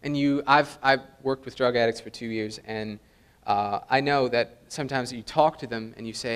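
A young adult man preaching a sermon, animated, acting out the voices he quotes. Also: medium pitch, normal speed, clean tone. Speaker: pastor.

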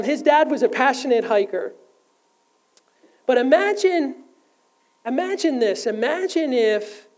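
A woman preaching a sermon, her voice sitting a little high. She speaks earnestly and keeps turning to her listeners with direct questions. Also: a little mellow, poor audio. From United States.

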